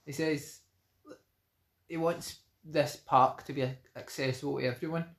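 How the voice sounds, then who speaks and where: A man's voice: on the high side, fairly even intonation, unhurried, creaky. Dry Scottish man, echoey room. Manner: dry, teasing banter. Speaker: podcast co-host. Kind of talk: casual chat.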